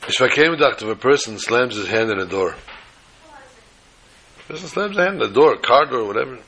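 A man teaching a Torah lesson as a rabbi, telling stories and acting out quotes in an animated way. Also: mid-range voice, brisk, breathy edge. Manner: animated, acts out quotes, rising to loud exclamations.

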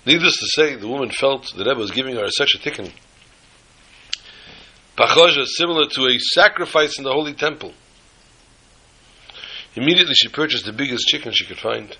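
A man's voice: mid-range voice, animated, a little fast, long pauses, pushed and bright, breathy edge, low-quality recording. A man telling a story in a sermon, dramatically voicing the characters.

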